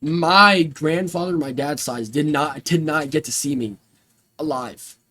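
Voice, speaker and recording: A young man chats loosely on a stream, rambling from thought to thought with slang and plenty of swearing. His voice sits a little high for a man. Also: a little slow, bright, forceful tone. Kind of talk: casual stream chat.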